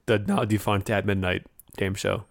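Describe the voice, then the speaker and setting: A man's voice: fairly low pitch, steady tone, moderate pace, vocal fry, no echo, studio quality. A man co-hosting a podcast, talking in a wry, conversational way. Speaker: podcast co-host. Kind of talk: casual chat.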